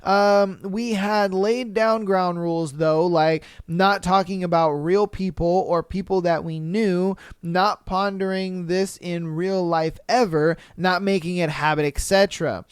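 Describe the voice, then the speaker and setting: A young man with a high, smooth voice hosts a casual podcast, reading listener posts aloud and breaking in with loud, profane reactions. The sound is close and dry, with no room around it. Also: a little slow, few pauses, dry recording. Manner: profane, animated reactions, laughs. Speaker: podcast host.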